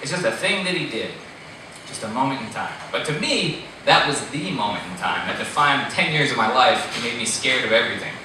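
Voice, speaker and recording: A man telling a funny personal story on stage, animated, laughing at himself and swearing freely. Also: medium pitch, a little fast. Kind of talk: live storytelling. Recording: echoey hall, distant mic, noisy.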